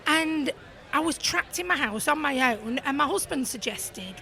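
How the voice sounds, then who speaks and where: A woman's voice: high-pitched, animated, moderate pace, vocal fry, bright, forceful tone. A Yorkshire woman guesting on a pub-themed podcast, chatting in a bubbly, storytelling way. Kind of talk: casual chat.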